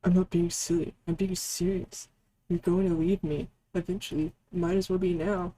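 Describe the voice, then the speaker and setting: A woman's voice: fairly low pitch, level tone, moderate pace, dark tone, a little hiss or hum, close to an everyday voice. A woman reading the lines of a bitter, self-pitying young man in a story game, with a sulky, sarcastic delivery.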